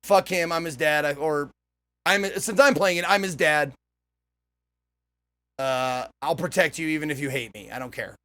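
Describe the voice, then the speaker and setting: A man's voice: fairly high pitch, moderate pace, pauses often, fairly bright tone. A man streaming a game and chatting casually, rambling and swearing, often trailing off. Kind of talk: casual gameplay commentary.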